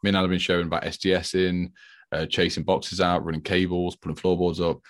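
A man's voice: sits low, flat delivery, fast talker, no echo, clean studio sound. A man, co-host of a podcast, telling rambling stories in casual chat. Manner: chatty, rambling storyteller.

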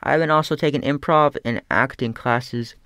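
A man's voice: medium pitch, normal speed, sharp tone, smooth, no room sound, studio quality. A young man talking in a casual rambling monologue, slangy and profane, with lots of restarts. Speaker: aspiring comedian.

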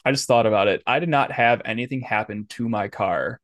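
A man's voice: lowish voice, a little fast, a bit bright, dry recording, studio quality. A man co-hosting a podcast, telling a story casually and animatedly, swearing and acting out quotes. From Michigan, US. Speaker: podcast co-host. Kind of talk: casual chat.

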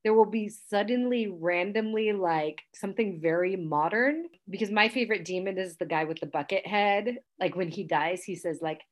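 A woman's voice: medium pitch, moderate pace, few pauses. A woman co-hosting a casual movie podcast, chatty and easygoing, often laughing. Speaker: podcast co-host.

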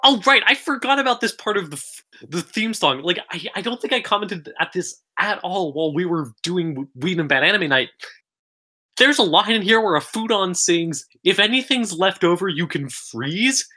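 A woman from the Philippines co-hosting a podcast, chatting casually with animated, sarcastic asides. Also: fairly low pitch, moderate pace. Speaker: podcast co-host. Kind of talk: casual chat.

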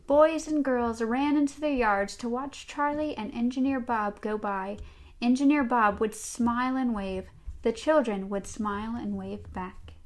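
A woman's voice: on the high side, unhurried. A woman co-hosting a podcast, casually reading a storybook aloud with amused asides. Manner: amused, laughs through the reading. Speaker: podcast co-host.

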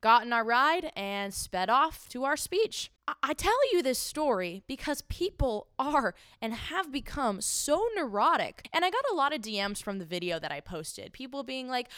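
Bright, lively young woman. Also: high-pitched, normal speed, clear, resonant tone, dry recording, studio quality. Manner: indignant, sarcastic, rhetorical questions. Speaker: political commentator. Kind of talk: opinionated commentary monologue.

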